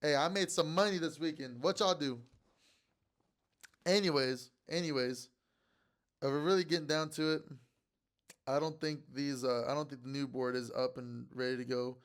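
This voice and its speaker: A man hosting a casual sports picks show, talking loosely to his chat with playful trash talk and words repeated in quick strings. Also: medium pitch.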